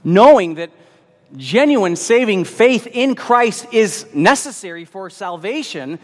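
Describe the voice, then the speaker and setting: A man's voice: high voice, big-room sound. A man preaching a sermon, earnest and emphatic, often repeating words as he builds his point.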